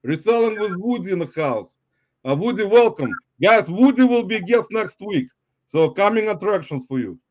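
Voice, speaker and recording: High-voiced jokey male host, dull dry audio. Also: very animated, normal speed, dry recording. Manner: jokey, loose, laughs often. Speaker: livestream host. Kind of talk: casual livestream chat.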